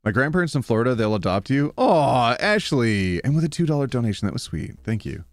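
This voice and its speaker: A man chatting casually on a live stream, playful and quick to laugh as he thanks viewers. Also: mid-range voice, big pitch swings, no room sound, clean studio sound. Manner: playful, reads donations aloud, laughs often.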